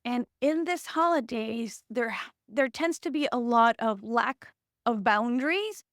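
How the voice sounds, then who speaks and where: A woman's voice: a little high, expressive, a little slow, fairly bright tone, no room sound, studio quality. A woman hosting a casual podcast conversation, earnest and encouraging as she affirms her guest. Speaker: podcast host.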